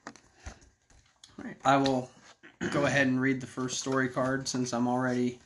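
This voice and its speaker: A man's voice: mid-range voice, completely flat delivery, unhurried, fairly bright tone, slight background noise. A man reading a choose-your-own-adventure card game aloud to friends, breaking off for joking asides. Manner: joking asides between read passages. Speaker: game reader.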